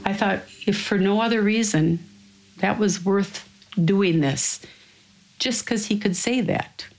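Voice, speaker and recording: With music playing under her voice, an older woman from Minnesota recounts a family story for an interview, earnest and thoughtful, quoting other people as she goes. She speaks slowly, at medium pitch with a darkish tone, in a rough recording.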